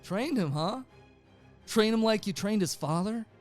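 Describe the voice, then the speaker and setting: A bitter farmer uncle throws out a sarcastic jab. A man acts him out in a lifted voice. He sneers with a lively, swinging pitch. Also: a little slow, faint music behind.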